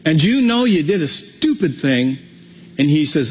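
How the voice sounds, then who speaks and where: A man's voice: on the high side, very animated, unhurried, slight background noise. A man preaching a conversational sermon as pastor, with frequent restarts. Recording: long hall reverb.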